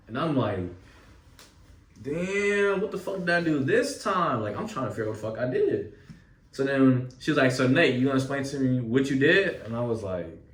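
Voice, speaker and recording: A young man tells a story in a loose, animated way, swearing often and leaning on street slang. He sits back from the mic, so his voice comes through distant. The room around him is echoey. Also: mid-range voice, a little hiss or hum. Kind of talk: casual storytelling.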